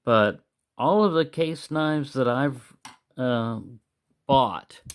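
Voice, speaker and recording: A man's voice: mid-range voice, very slow, clean tone. A man hosting his own channel, talking in a loose, meandering way in a casual monologue. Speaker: knife collector and channel host.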